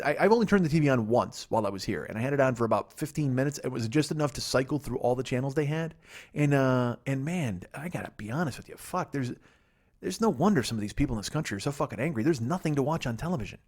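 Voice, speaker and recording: A male comedian rambles through a solo podcast monologue at a rapid clip. He is profane and sardonic, and his pitch sits in a middling range. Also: animated, darkish tone. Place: guest room in a friend's house.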